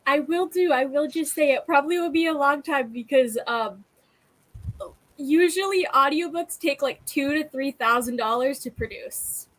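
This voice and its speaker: Higher-voiced woman rambling casually. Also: normal speed, low-quality recording. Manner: rambling, lots of likes and fillers. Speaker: livestream co-host, author. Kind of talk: casual chat.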